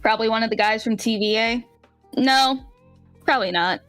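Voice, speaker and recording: A wry, chatty woman co-hosting a podcast over a call. Her voice is bright, with faint music behind her. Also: on the high side, moderate pace, no room sound. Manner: chatty, wry, trailing fillers. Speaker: podcast co-host. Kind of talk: casual chat.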